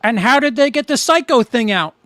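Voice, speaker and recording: A man's voice: extremely high pitch, expressive, fairly quick, a bit bright, dry recording. A man hosting a casual movie watch-along, making wry, rambling remarks and swearing casually. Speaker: host of a movie review channel.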